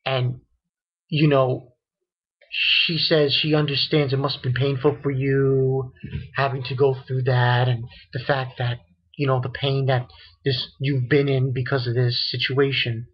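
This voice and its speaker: A man's voice: mid-range voice, little pitch movement, measured pace, breathy edge. A man giving a casual, rambling episode recap, full of fillers and repeats, who sometimes acts out characters' lines. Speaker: anime reviewer. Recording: dull lo-fi home recording.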